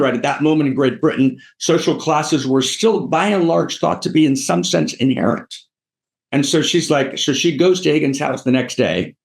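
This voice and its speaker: A man giving a live teaching talk, animated and digressive, with many "you know" and "right" fillers. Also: medium pitch. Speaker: teacher of philosophy.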